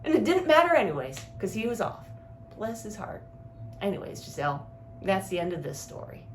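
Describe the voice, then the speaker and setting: A woman's voice: medium pitch, sing-song, fairly quick, slight background noise. A woman telling a casual story straight to one listener, blunt and exasperated, with casual swearing.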